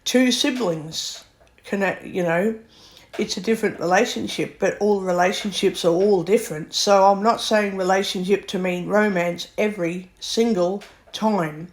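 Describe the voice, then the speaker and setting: A woman's voice: medium pitch, moderate pace. A woman, bluntly ranting to camera in a vlog. She sounds exasperated, swears freely and keeps circling back over her points. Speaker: vlogger. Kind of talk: ranting monologue.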